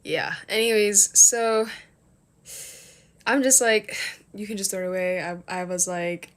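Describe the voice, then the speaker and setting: A woman's voice: mid-range voice, unhurried. Rambling young woman streamer. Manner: rambling, frequent "like" and restarts, hushed whispering asides. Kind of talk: casual storytelling on a livestream.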